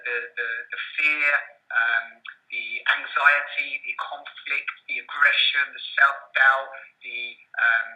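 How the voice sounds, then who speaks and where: A man's voice: mid-range voice, bright, forceful tone, poor audio. A man in his thirties, a guest coach in an interview, talking in a rambling way with many restarts. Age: 30s. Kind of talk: interview conversation.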